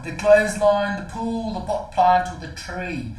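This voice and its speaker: A man's voice: high-pitched, measured pace, echoey room, very noisy. A man co-hosting a casual sport podcast, jokey and laughing often. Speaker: podcast co-host.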